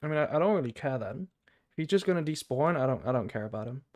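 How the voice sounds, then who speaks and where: A man's voice: mid-range voice, animated, quick pace. A man with a British accent streaming a game, thinking aloud in rambling casual chat. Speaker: gaming streamer.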